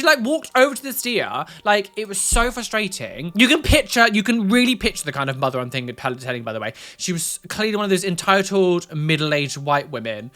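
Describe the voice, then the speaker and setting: A woman's voice: fairly low pitch, very animated, brisk, hardly any pauses, a bit bright. A young woman giving rambling, chatty reaction commentary on video clips.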